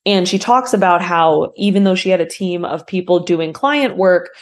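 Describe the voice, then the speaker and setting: A woman's voice: lowish voice, moderate pace. A woman hosting a podcast in a casual, rambling way, emotional and full of "like". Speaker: podcast host.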